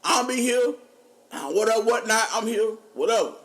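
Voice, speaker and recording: Man, casual storytelling, laughs a lot, slightly high voice. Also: normal speed. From North Carolina. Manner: animated, laughing often, drops low for quoted voices. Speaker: podcast co-host.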